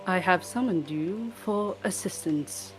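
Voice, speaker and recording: A courteous male summoner, voiced by a player, speaks in a formal, measured way, slow and deliberate. Music plays in the background of this tabletop game. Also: medium pitch, natural voice. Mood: earnest. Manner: formal, measured, stumbles over names.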